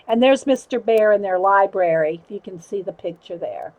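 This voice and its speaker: A woman's voice: medium pitch, animated, normal speed, hardly any pauses, darkish tone, dry recording, rough recording. A woman hosting a casual livestream, chatting with viewers, laughing often and reading letters aloud.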